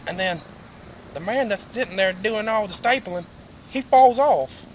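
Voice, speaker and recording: A man playing a crude, excitable redneck telling a rambling comic story with lots of cursing. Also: sits high, a little slow, slight background noise, low-quality recording. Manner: crude, excitable, Southern-style drawl with cursing. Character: rowdy redneck drunk named Randy. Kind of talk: comedic rambling monologue.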